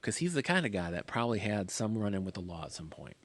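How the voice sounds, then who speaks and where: A man hosting his own podcast, telling a rambling story casually and often dropping to a hushed near-whisper. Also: fairly low pitch, sing-song, fast. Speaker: podcast host.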